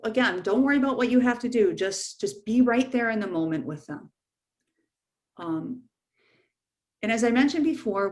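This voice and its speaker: A middle-aged woman counselor giving a frank, informal webinar talk to teens, repeating key points for emphasis. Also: mid-range voice. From United States.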